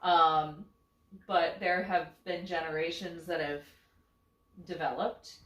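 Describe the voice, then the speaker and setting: A woman's voice: lowish voice, fairly even intonation, slow, fairly bright tone, muffled recording. A woman co-hosting a podcast in casual chat, playful and theatrical. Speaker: podcast co-host. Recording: echoey room.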